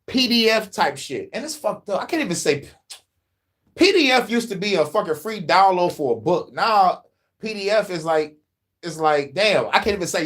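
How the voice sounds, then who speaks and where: A man riffs through casual commentary in loose slang, swearing freely and breaking into laughter. His pitch swings widely and sits slightly high. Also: a bit bright. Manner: laughing often, profane, loose slangy talk. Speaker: commentary streamer reacting to a video.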